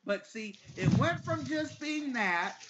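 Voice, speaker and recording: A man's voice: very high-pitched, animated, slow pace, very noisy. A man telling a laid-back anecdote in casual podcast chat. He swears freely as he talks. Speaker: podcast guest. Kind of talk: casual storytelling. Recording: slightly dull audio.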